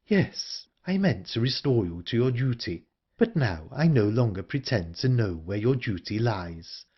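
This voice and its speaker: A man voicing a calm, composed older woman in an audiobook, speaking in a measured way. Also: medium pitch, slightly rough, highs cut off. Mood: calm, wistful. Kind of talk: audiobook character reading.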